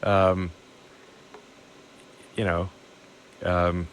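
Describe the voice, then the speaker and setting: A man talking as a podcast guest in a casual interview, halting and full of restarts and fillers. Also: sits low, little pitch movement, smooth. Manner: halting, repeats words, many fillers.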